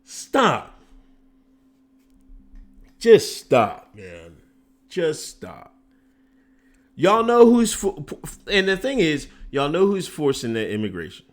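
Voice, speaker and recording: A man's voice: on the high side, huge pitch swings, takes it slowly. A man hosting a casual political commentary stream, rambling off on tangents and restarting his sentences, emphatic and exasperated. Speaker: host.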